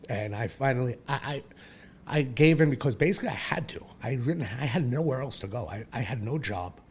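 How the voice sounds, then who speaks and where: A man's voice: mid-range voice, animated, brisk, breathy edge. A man, telling his own story as a podcast guest in a blunt, profane, rambling way. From Brooklyn, New York. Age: 40s. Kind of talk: candid personal storytelling.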